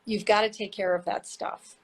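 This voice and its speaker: A woman's voice: medium pitch, fairly even intonation, normal speed. A middle-aged woman, a mediator and therapist, talking in an earnest, teacherly way and repeating her key points. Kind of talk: casual explanatory chat.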